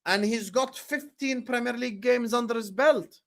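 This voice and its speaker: A man's voice: very high voice, normal speed, heavy background noise. A man hosting a livestream about football, arguing his points emphatically with rhetorical questions. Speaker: streamer and football pundit.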